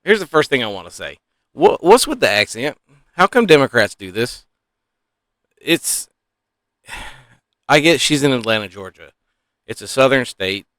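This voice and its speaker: A man's voice: medium pitch, very animated, unhurried, pauses often, fairly bright tone, no echo, clean studio sound. A man giving casual, opinionated political commentary, rambling and sighing often.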